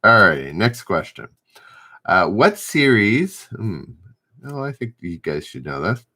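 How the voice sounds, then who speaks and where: Slow-talking man hosting live trivia. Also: lowish voice, a bit bright. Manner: reads questions aloud, stumbles and rereads, chats with viewers. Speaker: trivia host. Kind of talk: live-stream trivia chat.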